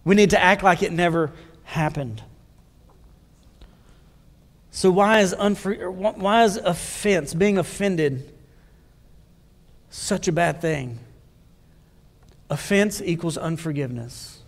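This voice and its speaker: High-voiced pastor preaching in a hall. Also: male voice, takes it slowly, creaky, pauses often. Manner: conversational preaching, asks the congregation questions. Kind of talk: sermon. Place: church sanctuary.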